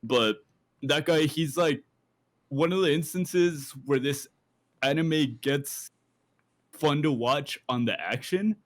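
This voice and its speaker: A man's voice: fairly high pitch, slow, pauses often, dry recording. A man co-hosting a casual podcast, recapping an anime at length with many fillers and restarts. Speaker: podcast co-host.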